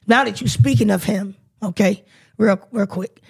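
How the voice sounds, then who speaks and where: A woman's voice: medium pitch, normal speed, vocal fry, darkish tone, slightly rough. A woman co-hosting a radio talk show, blunt and joking in profane casual chat. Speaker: radio co-host.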